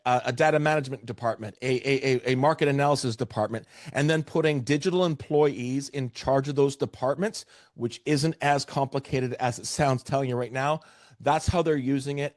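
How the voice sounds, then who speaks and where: A Canadian man presents a webinar over a video call with energy and emphasis, doubling up words as he drives his points home. His voice sits in an average pitch, and the sound is dry and close. It has the feel of a coach talking straight to his audience. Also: a little mellow, no echo.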